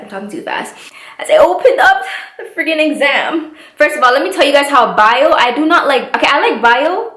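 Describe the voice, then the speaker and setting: A young woman talking casually to her vlog viewers, telling a story in a dramatic, fast way. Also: high-pitched, animated, fairly bright tone, roomy sound. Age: young adult. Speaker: vlogger.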